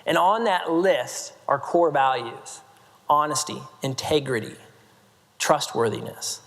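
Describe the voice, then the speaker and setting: A playful motivational speaker from Nebraska, United States, tells humorous stories to a live audience on the main stage of a big convention hall, where the long reverb carries. He mocks himself, quips at the crowd, and says "like" constantly, in an expressive, slow, fairly bright, high-leaning voice.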